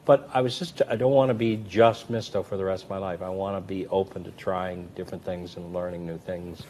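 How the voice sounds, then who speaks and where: Low-voiced man telling animated stories. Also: brisk, a little hiss or hum. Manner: animated, acts out quoted voices with big swings in pitch and loudness. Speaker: magician and comedy performer, interview guest. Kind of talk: anecdotal storytelling in an interview.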